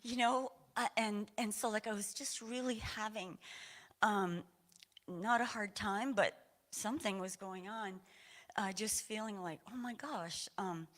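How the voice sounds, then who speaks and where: Woman from Maine, mid-pitched, giving an informal church testimony; rambling, lots of fillers, moved. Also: a little slow, fairly bright tone. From Maine, USA. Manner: rambling, many fillers and restarts, laughs often. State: emotional, a little teary. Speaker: congregant sharing a personal story. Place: church sanctuary.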